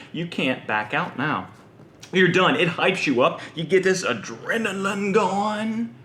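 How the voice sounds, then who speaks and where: Guy ranting comedy monologue, pitch jumping all over, echoey room. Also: slow. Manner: animated, exaggerated storytelling. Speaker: web series host.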